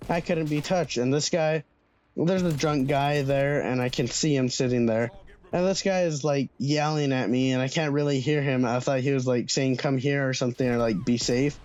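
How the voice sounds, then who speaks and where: A man's voice: mid-range voice, normal speed, darkish tone. A young man telling a storytime vlog in a casual, slangy way, swearing freely. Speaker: vlogger.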